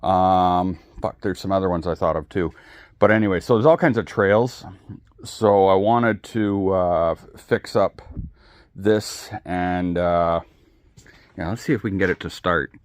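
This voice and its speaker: Low-voiced man rambling in a garage. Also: a little slow, dry recording, clean studio sound. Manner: rambling, profane, relaxed, many ums. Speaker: hobby video creator. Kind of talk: casual garage vlog. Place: home garage.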